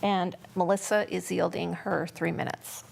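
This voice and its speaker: A woman's voice: on the low side, little pitch movement, a little slow, creaky, noisy background. A woman calling public speakers at a board meeting, giving brief procedural announcements.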